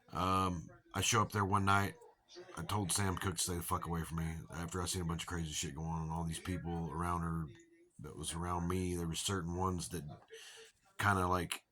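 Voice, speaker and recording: A man's voice: deep voice, sharp tone. A man with a Southern accent telling a rambling, profane story in a casual monologue, acting out what other people said. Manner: rambling, profane, acts out quoted voices.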